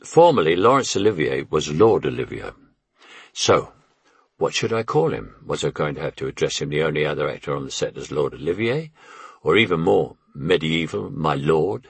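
An older man reads his memoir in a deep, husky voice, wry and anecdotal. The sound is dry and close, with no room around it. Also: animated, moderate pace, no room sound. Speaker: memoir narrator. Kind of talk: memoir audiobook narration.

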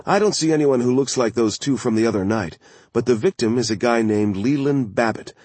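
A man voicing an alert, excited male crime reporter in an audiobook, speaking eagerly and quickly. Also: mid-range voice, slightly rough, no echo, pitched above the performer's own voice, lightly acted.

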